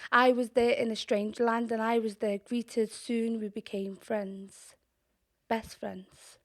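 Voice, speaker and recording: A young woman with a Scouse accent performing spoken-word poetry in a measured, deliberate way, sometimes dropping to a whisper. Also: a little high, flat delivery. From Liverpool, England. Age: young adult. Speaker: poet.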